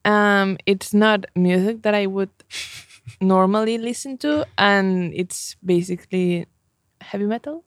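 A co-host in a casual chat, relaxed and asking questions. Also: mid-range voice, unhurried, clear, resonant tone, no echo, clean studio sound.

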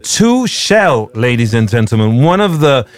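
A man's voice: mid-range voice, sing-song, a little slow. A man hosting a casual music chat, talking in a rambling way with many restarts and laughs.

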